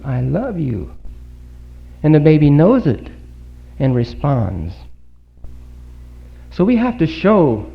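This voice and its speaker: Male preacher, earnest sermon delivery, rhetorical questions, lively rising and falling pitch, dull 1950s recording. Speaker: speaker giving a Bible talk. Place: congregation hall.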